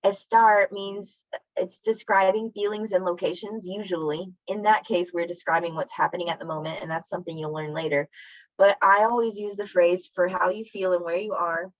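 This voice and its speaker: A woman's voice: on the low side, steady tone, moderate pace, no room sound, highs cut off. A woman teaching a Spanish class over a video call, explaining grammar in a friendly, chatty way and often apologizing. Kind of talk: online class lesson.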